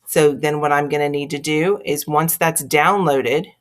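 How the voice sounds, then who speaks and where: A woman's voice: low-pitched, fairly even intonation, moderate pace. A woman with a Texas accent teaching a screen-recorded tutorial, chatting step by step through each click. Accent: Texan.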